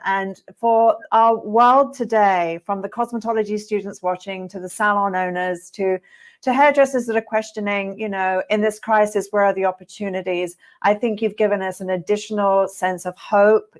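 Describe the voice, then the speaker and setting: A woman's voice: medium pitch, steady tone, normal speed. A woman hosting an interview over a video call, talking earnestly and effusively. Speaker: host.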